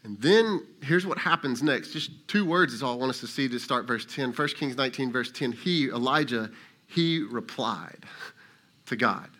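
Bright-voiced man preaching conversationally. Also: mid-range voice, animated, normal speed. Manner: conversational preaching, acts out voices of God and Elijah. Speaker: lead pastor. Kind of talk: sermon.

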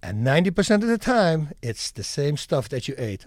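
Animated storytelling man, higher voice. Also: brisk, dry recording, studio quality. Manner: animated, acts out stories, laughs often. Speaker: guest, former fighter and actor. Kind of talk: casual storytelling.

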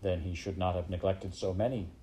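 Guy reading a severe disapproving official, deep dark voice, audiobook. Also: fairly even intonation, fairly quick, slight background noise, natural voice. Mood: stern. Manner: cold and disapproving. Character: severe stern male official judging a case.

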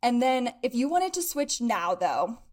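Young female podcast host, upbeat casual chat, bit winded, higher register. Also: very animated, a little slow, darkish tone. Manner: chatty, upbeat, laughs often. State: out of breath.

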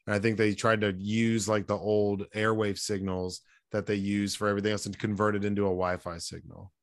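A male podcast co-host with a lowish voice, chatting loosely. He rambles, swears freely and fills his sentences with "like" and "um." The sound is dry and close to the mic. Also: little pitch movement, a little fast, dry recording. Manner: rambling, slangy, swears freely, lots of fillers. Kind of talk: casual chat.

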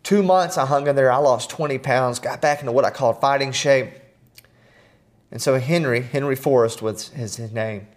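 A man's voice: medium pitch, normal speed. Earnest middle-aged man telling stories. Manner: earnest, animated, self-deprecating humor. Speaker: guest. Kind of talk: storytelling in conversation.

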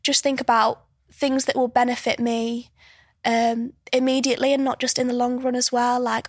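A woman's voice: a little high, flat delivery, moderate pace, husky, dry recording, clean studio sound. A woman in her early twenties, a podcast guest, telling stories in casual chat with frequent laughs and restarts. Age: early 20s. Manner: chatty storyteller, laughs often, restarts mid-sentence.

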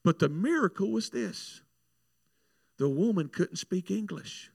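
Male preacher, testimony sermon, raised gravelly voice, animated storyteller, dry close sound. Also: high voice, unhurried, no room sound. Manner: animated storytelling, repeats words. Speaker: minister praying at altars.

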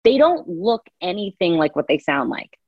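A woman's voice: on the low side, sing-song, moderate pace, husky, dry recording. A woman, an audiobook narrator, chatting expressively as a guest and laughing easily. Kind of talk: casual interview chat. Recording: dull dry lo-fi sound.

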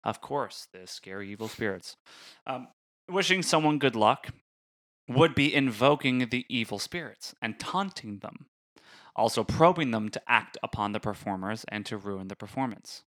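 Male podcast co-host, mid-pitched, teasing and jokey, casual banter. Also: lively intonation, normal speed, fairly bright tone. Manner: teasing, jokey, reads facts aloud. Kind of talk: casual chat.

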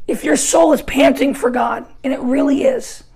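A young adult woman preaching a sermon, telling stories in an animated way, with soft asides and shouted emphasis. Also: sits high, moderate pace, vocal fry, low-quality recording.

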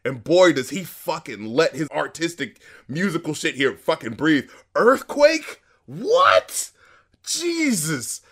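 A man co-hosting a casual music review chat, excitable, swearing often and filling with "like" and "uh". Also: fairly high pitch, moderate pace, breathy edge. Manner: excitable, swears a lot, many fillers. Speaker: music review podcast co-host.

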